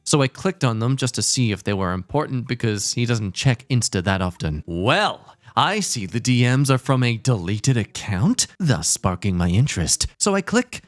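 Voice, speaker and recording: A man's voice: mid-range voice, very animated, normal speed, hardly any pauses, no echo. A man hosting a show, reading Reddit stories aloud and breaking off for sarcastic asides. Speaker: host.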